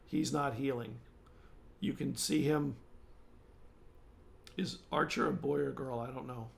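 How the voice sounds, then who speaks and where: A man narrating a tabletop game as game master, talking in a halting way with frequent restarts. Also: medium pitch, fairly even intonation, creaky.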